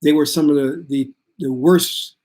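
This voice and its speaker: Calm man giving a spiritual talk. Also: on the high side, unhurried. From United States. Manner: calm, steady, reassuring delivery. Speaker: spiritual teacher. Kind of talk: casual spiritual talk to viewers.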